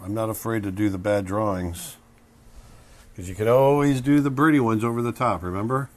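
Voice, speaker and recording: A man's voice: fairly low pitch, moderate pace. A middle-aged man giving a casual drawing lesson as he sketches, now and then acting out the emotions he draws. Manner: relaxed, acts out emotions in bursts while drawing. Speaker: drawing instructor.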